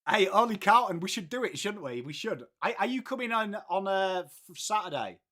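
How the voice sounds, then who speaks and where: The voice is high, expressive, bright, and forceful, moving at a normal speed. It belongs to an English livestream host in his late thirties who chats casually, welcomes viewers by name, and addresses everyone as mate.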